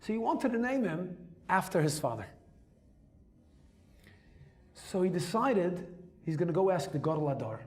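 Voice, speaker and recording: A man telling a personal story as a rabbi, lively and emphatic, dropping Hebrew and Yiddish terms into his English. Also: sits high, normal speed, pauses often. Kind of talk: storytelling talk.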